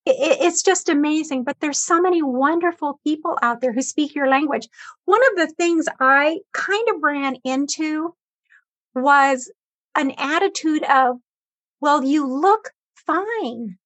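Earnestly sharing her cancer experience as a talk show guest, a woman tells her story conversationally and quotes the exchanges she had. Her high voice is fairly bright and measured in pace, with no room sound.

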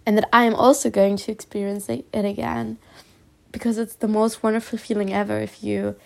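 A woman from Spain giving a heartfelt personal talk as a self-healing vlogger. She speaks haltingly, restarts often, and reassures her listener earnestly. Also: medium pitch, creaky, a little mellow.

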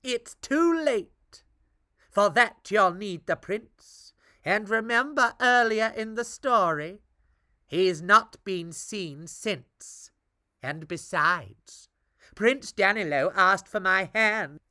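A woman's voice: mid-range voice, animated, slow pace, bright, forceful tone, no echo, clean studio sound, voice pushed up. A woman voicing a scheming witch disguised as a prince, with a sly, gleeful manner.

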